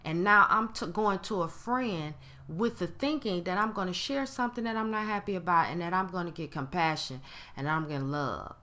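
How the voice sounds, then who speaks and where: A woman in her forties telling a personal story in a casual talk, animated and conversational, acting out what others said with big jumps in her voice. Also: on the low side, moderate pace. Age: 40s. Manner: conversational with frequent restarts and okay tags.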